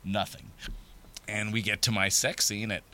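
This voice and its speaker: A man telling stories as a podcast guest, animated and acting out quoted lines. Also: lowish voice, moderate pace. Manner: animated storyteller, acts out quotes. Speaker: podcast guest, adult film performer. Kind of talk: casual chat.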